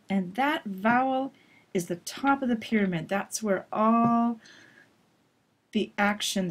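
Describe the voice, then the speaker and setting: A woman teacher walking a class through a pronunciation lesson, explaining and clearly modeling vowel sounds. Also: medium pitch. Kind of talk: recorded course review lesson.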